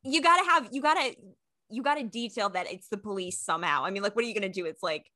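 Bright-voiced woman laughing through podcast chat. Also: medium pitch, dry recording, studio quality. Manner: eager, quick to laugh, rambling fan talk. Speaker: podcast co-host. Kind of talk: casual chat.

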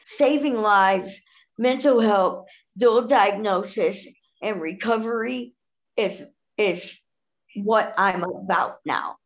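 A woman telling her personal story in an earnest, steady way. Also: mid-range voice, takes it slowly. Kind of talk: personal testimony. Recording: dull lo-fi sound.

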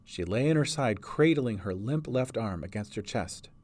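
Lively male storybook narrator. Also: on the low side, normal speed, no room sound. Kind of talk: audiobook narration.

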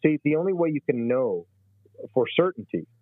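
A man's voice: fairly high pitch, sing-song, moderate pace, no room sound. A man explaining scripture in a religious discussion, emphatic and teaching. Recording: tinny phone line.

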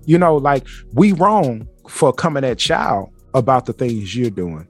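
A man's voice: medium pitch, expressive, moderate pace, hardly any pauses, a little mellow, no echo, faint music behind. A man hosting a solo podcast, talking bluntly and emphatically with plenty of swearing. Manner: blunt, emphatic, profane ranting. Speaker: podcast host.

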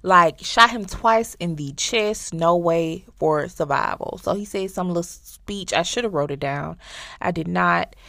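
Give me a low-voiced woman gushing about a series in slangy, animated talk, recorded dry and close. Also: measured pace, vocal fry, dry recording. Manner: animated, slangy, addresses listeners as y'all. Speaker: podcast host. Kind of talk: casual show recap.

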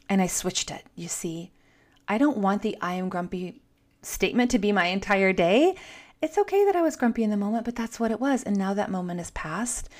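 A middle-aged woman hosts a motivational talk and speaks earnestly, straight to the listener. Her voice sits at an ordinary middle pitch for a woman. She talks in a personal, direct way. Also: a little mellow. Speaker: podcast host. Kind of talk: motivational monologue.

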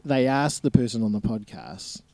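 A man's voice: mid-range voice, sing-song, normal speed, warm tone, no room sound. A young man, co-hosting a podcast, teasing and laughing as he asks probing questions. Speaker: podcast co-host. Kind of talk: casual chat.

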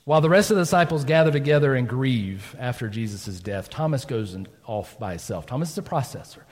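A man's voice: mid-range voice, lively intonation, brisk. A man preaching a sermon, telling the story conversationally, acting out quotes and often asking "right?". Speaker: pastor. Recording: long reverb of a church hall.

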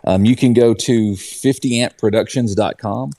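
A man's voice: on the low side, normal speed, mellow, no echo. A man chatting casually as a podcast panelist, rambling and correcting himself as he goes. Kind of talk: casual chat.

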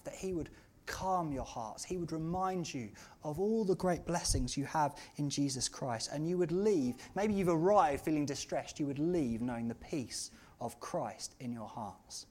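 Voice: medium pitch, lively intonation, a little slow. Earnest preacher. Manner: earnest, rising to loud impassioned outcries. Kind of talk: sermon. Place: church.

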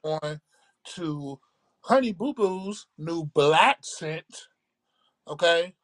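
A man co-hosting a casual podcast, talking in a measured, reflective way and often checking in with "right?". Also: fairly high pitch, lively intonation, fairly bright tone. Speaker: podcast co-host. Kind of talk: casual chat.

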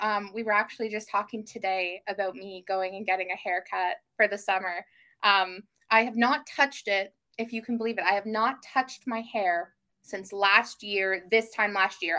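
A young woman guesting on a podcast, telling family stories in casual chat with lively gasps. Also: medium pitch. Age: young adult. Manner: animated storyteller, gasps and mimics family voices.

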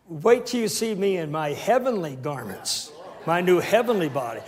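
Lively sixties male preacher. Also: high-pitched, moderate pace. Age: 60s. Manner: call-and-response preaching, humorous asides. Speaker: pastor. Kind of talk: sermon.

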